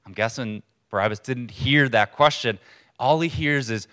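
A man preaching a sermon in a church to a congregation, in a conversational, earnest way with pauses for emphasis. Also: mid-range voice, sharp tone. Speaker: pastor.

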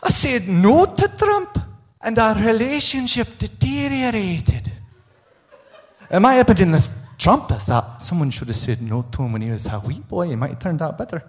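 A man's voice: sits high, big pitch swings, moderate pace, voice pushed up, exaggerated voice. A man voicing a bewildered male Scottish politician in a Scottish accent, sounding exasperated.

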